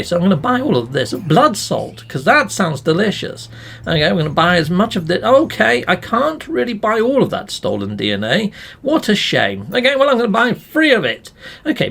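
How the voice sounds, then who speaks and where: A man's voice: sits high, creaky, a bit bright, slightly rough. A man giving playful, chatty commentary as he plays a video game, with mild swearing, talking to his viewers. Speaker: let's play gamer.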